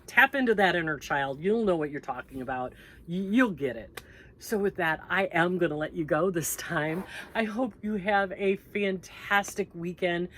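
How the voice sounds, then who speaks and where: A woman's voice: on the low side, a bit bright, slight background noise. A Canadian-born woman hosting a crochet vlog, chatting in a gushing, upbeat way as she opens packages. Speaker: crochet channel host. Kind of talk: casual vlog chat.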